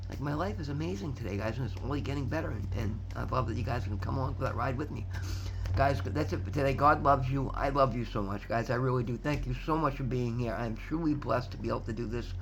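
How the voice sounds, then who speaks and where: An earnest man speaks straight to his viewers about gratitude and faith, his voice sitting at an ordinary middle pitch. He repeats himself, swears freely and keeps calling them "guys". A faint hum of background noise sits under his voice. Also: fast. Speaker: motivational vlogger. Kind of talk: casual heartfelt monologue to camera.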